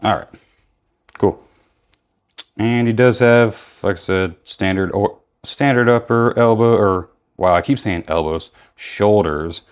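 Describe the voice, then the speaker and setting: A man's voice: on the low side, slow, clean tone. A young man giving casual, rambling commentary while unboxing and reviewing action figures, often correcting himself mid-sentence.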